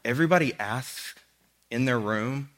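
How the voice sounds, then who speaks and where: A man's voice: mid-range voice, moderate pace, fairly bright tone. A man preaching a sermon in a conversational way, acting out bits of dialogue with casual asides. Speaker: pastor.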